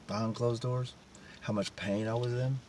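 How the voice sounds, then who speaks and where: A man's voice: medium pitch, fairly even intonation, moderate pace, darkish tone. A man talking in a raw, emotional personal confession, blunt and profane. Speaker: vlogger. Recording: distant mic with vehicle noise.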